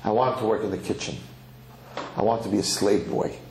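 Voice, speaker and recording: A man's voice: lowish voice, fairly even intonation, fairly quick, vocal fry, darkish tone, slight background noise. A man telling a parable, voicing a spoiled and jealous rich son, in an echoey hall. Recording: echoey hall, faint ambience.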